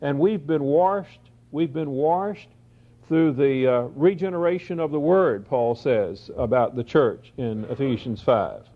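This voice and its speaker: Slow-reading Bible teacher, man. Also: on the high side. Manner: reads scripture slowly, then explains in quick asides. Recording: dull lo-fi recording.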